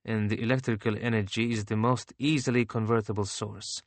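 Brief: male narrator voicing a measured, explanatory alien man; low-set, dry read. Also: fairly even intonation, no echo, lightly acted. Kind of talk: audiobook character reading.

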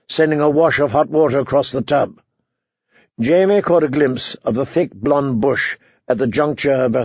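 A man with a gravelly voice narrating an audiobook in an even, measured reading. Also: medium pitch, no echo. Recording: dull dry lo-fi recording.

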